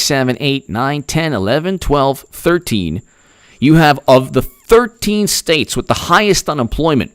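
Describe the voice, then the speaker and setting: A man's voice: medium pitch, no echo, clean studio sound. A man giving a rambling, heated political commentary vlog in a conversational way.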